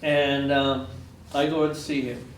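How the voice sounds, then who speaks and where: A guest lecturer from Israel, a man with a medium-pitched, flat voice, tells stories earnestly at a slightly slow pace, repeating phrases for emphasis. He was recorded from a distance in a university lecture room, so the sound is roomy with a little background noise.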